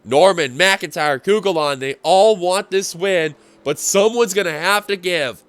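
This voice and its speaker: A man giving play-by-play commentary on a simulated stock car race, getting excitable as the finish nears. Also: high voice, measured pace. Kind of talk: play-by-play sim racing commentary.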